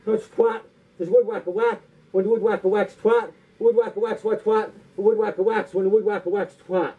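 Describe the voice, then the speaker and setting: A man's voice: high voice, steady tone, breathy edge. A man doing stand-up comedy, rattling off long tongue twisters and sounding out of breath. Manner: rapid tongue-twister patter with silly punchlines. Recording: tinny phone-like sound.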